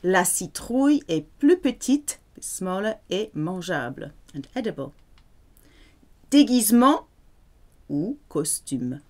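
A woman's voice: medium pitch, sing-song, takes it slowly. A woman teaching French vocabulary, speaking patiently and repeating words with careful pronunciation. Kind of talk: vocabulary lesson.

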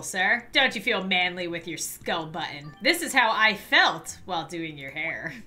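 A young woman narrates her own game session with a bright, sharp voice. Her reactions are squeamish and theatrical, and she laughs often. Her pitch leaps around constantly. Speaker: game commentator. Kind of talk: let's-play commentary.

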